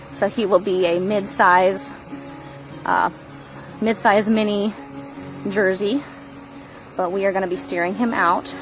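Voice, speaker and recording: A young woman giving a casual tour of her farm outdoors, slightly out of breath from walking. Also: poor audio. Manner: coos in a high baby voice to the animals.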